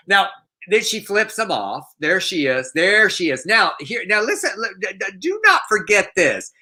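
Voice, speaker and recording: Bright-voiced man dishing the news. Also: high voice, normal speed. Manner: animated, laughing storyteller. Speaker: co-host. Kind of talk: casual news chat.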